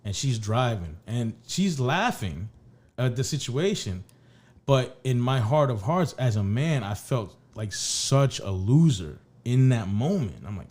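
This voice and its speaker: A man's voice: mid-range voice, sing-song, measured pace, a little mellow. A man co-hosting a podcast, telling a long story in casual chat, rambling and swearing, with many restarts. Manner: rambling, profane, restarts often. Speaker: podcast co-host.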